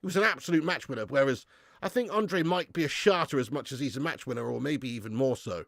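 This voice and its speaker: A man hosting a live football watch-along, swearing freely, getting excited and reading out viewer comments. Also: mid-range voice, fast, vocal fry, no echo, clean studio sound. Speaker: fan channel host.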